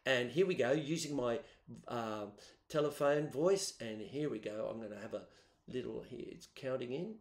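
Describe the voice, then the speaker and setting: A man teaching students, explaining music software step by step in a chatty way on a laptop microphone. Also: medium pitch, animated, normal speed. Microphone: built-in laptop microphone. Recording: roomy echo.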